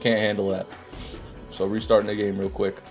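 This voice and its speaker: Male streamer, low groggy morning voice, chatty and casual with viewers, faint music underneath. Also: completely flat delivery, brisk. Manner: chatty, reads out viewer messages, swears when frustrated. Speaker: live streamer. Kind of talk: casual gaming stream chat.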